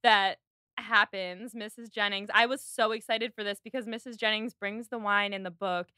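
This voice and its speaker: A woman with a bright, clear tone chats casually on a podcast, walking through a film scene by scene. She keeps it lively and slips into the characters' lines as she retells them. Her voice sits close and dry, with no room sound. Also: medium pitch, moderate pace, dry recording. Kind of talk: casual chat recapping a film.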